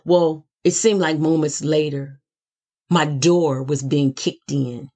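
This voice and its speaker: Middle-aged woman minister telling her story, low husky voice, dramatic repeats. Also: fairly even intonation, warm tone. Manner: slow, dramatic, with emphatic repetition. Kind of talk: personal testimony speech.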